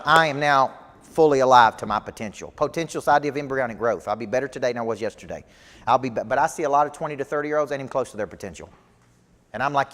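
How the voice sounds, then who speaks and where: This business coach has a medium-pitched, slightly bright voice as he motivates a live crowd. He hammers his points home with emphatic repetition, and the room carries a long hall reverb.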